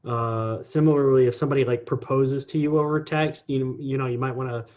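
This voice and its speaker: A man's voice: medium pitch, fairly even intonation, brisk, darkish tone, muffled recording. A man in his forties, a guest talking casually in an interview, rambling with lots of ums and restarts. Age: 40s.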